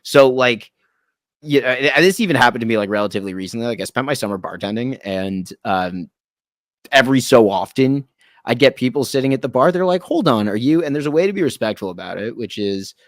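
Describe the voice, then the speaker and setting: A man's voice: medium pitch, animated, fairly quick, no echo, clean studio sound. A man in his thirties from Canada, a guest actor telling rambling, self-deprecating stories in casual chat and acting out what others said. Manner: rambling self-deprecating storyteller who acts out quotes.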